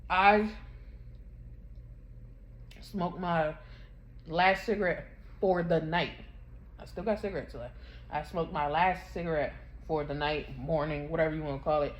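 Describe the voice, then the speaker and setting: A grieving woman vlogging from her bedroom, telling a painful story in a halting, rambling way, close to tears. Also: low-pitched, steady tone. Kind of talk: emotional personal confession vlog. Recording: dull muffled sound with faint background hum.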